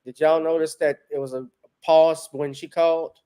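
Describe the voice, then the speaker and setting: A man's voice: fairly high pitch, fairly even intonation, normal speed, mellow, clean tone. A man hosting an online commentary show, talking casually and addressing his viewers directly.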